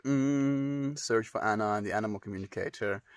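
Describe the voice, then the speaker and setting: A man's voice: lowish voice, normal speed, no room sound, studio quality. A man livestreaming from home, chatting casually with viewers and reading their messages, calling them dude and friend. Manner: laid-back, calls people dude and friend.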